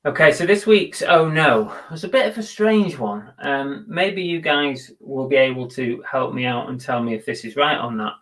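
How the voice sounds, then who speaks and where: A man talks casually on a live stream, co-hosting a show about reselling. He is self-deprecating and chatty, swears freely, and speaks at an ordinary middle pitch. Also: lively intonation, moderate pace, hardly any pauses, fairly bright tone. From England.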